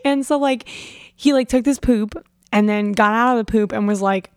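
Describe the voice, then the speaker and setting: A woman's voice: a little high, a little mellow, clean tone, no echo. Young woman podcast host, chatty storyteller, dry close sound. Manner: bubbly storytelling, quick asides. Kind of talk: casual chat.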